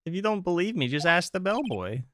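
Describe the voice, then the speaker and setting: A man doing a high, whiny witness girl. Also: very animated, fairly quick, background noise. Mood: coy. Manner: whiny and coy, girlish. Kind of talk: reading a game's dialogue aloud.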